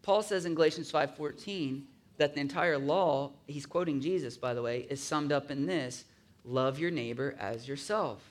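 A man's voice: on the high side, moderate pace. A man preaching a sermon in a conversational way, often asking his listeners to agree and acting out grumbling voices in asides. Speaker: pastor.

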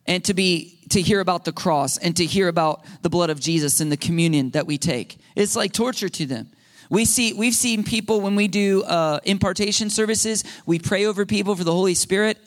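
A man preaching a sermon to a congregation, animated and questioning, often asking the listeners and adding right and okay. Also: high-pitched. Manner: animated, rising to shouts when quoting demons. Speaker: pastor.

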